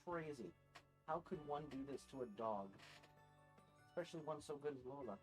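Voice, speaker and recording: A young man streaming a game live, chatting casually with viewers and softly cooing to his dog, rambling with fillers. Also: on the high side, animated, fairly quick, soft background music.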